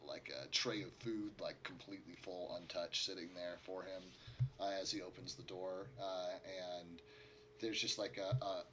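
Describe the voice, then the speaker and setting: As game master of a tabletop game, a man narrates in a low yet fairly bright voice, rambling with many fillers. Slight background noise can be heard.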